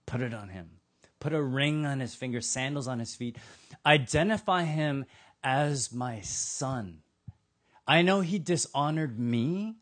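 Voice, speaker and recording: A man voicing a gentle, generous father in a retold parable. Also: medium pitch, animated, unhurried, lightly acted. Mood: commanding joy. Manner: gentle, tender. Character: patient, generous older father.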